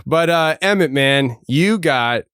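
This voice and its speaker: A man hosting an interview podcast, relaxed and jokey, with many fillers. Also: fairly high pitch, takes it slowly, clear, resonant tone, no room sound, studio quality. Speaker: podcast host. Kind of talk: casual interview chat.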